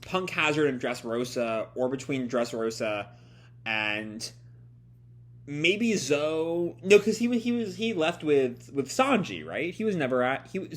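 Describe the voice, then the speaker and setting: Excitable man reacting to a comic. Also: medium pitch. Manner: excitable, swearing, thinking aloud. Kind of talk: casual read-along commentary.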